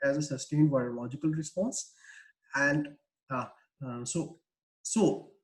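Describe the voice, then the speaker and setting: A webinar speaker presents research remotely, stumbling through explanations with many "uh" fillers and restarts. He has a slightly high voice with a darkish tone, captured in a rough recording.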